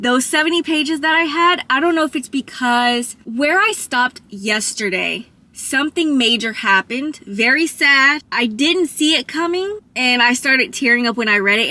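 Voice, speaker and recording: Woman book vlogger, casual review chat; slightly high, bright voice, very dry sound. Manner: chatty and emotional, addresses viewers as y'all.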